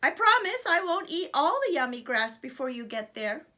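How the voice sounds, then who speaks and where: A woman doing a tiny timid billy goat, very high voice, trembling, pleading, bright, storybook animal. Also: very animated, moderate pace, full character voice. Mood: cheerful. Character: small timid young male billy goat.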